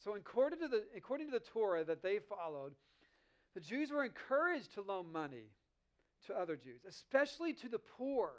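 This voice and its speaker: A man preaching a sermon, reading scripture slowly and then explaining it in a conversational way. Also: high-pitched, fairly bright tone. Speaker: pastor.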